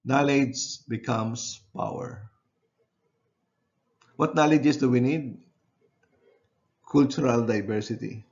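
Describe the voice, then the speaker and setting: A man giving a university lecture. He speaks haltingly, often repeats phrases and checks in with his class using "okay". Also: mid-range voice, darkish tone, lo-fi sound.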